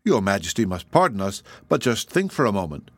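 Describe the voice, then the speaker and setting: A man's voice: on the low side, very animated, brisk, no room sound. A man voicing an old cautious merchant.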